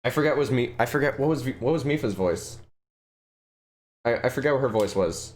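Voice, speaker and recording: A male streamer talks loosely to his chat as he plays, with a middle-pitched voice of ordinary range. He rambles, answers viewer requests on the fly and often restarts his sentences. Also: expressive, fairly quick. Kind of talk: casual live-stream chat while gaming.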